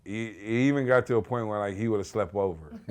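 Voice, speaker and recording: A man's voice: on the low side, normal speed. A middle-aged man, a parent, telling stories in a conversational way during a documentary interview. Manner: conversational storytelling. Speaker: parent of an athlete.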